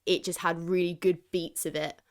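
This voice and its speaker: Lower-voiced young British woman, eager. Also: level tone, normal speed. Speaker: podcast co-host. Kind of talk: casual chat.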